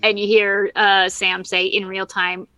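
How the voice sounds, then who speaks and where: A woman chatting casually as a podcast co-host, animated and acting out characters' lines. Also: medium pitch, measured pace, clean tone, dry recording, dull audio. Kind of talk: casual chat recapping a TV episode.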